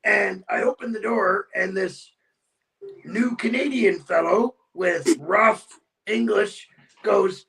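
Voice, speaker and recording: A man's voice: high voice, takes it slowly, creaky, recorded from a distance. A man guest telling a long story casually and acting out the dialogue with energy. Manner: animated, acts out the dialogue in his story.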